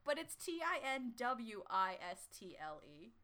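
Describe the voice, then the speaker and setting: A woman's voice: a little high, very animated, unhurried, pushed and bright. A woman in a casual chat, laughing often and teasing in exasperation over odd spellings. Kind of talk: casual chat, pronunciation game.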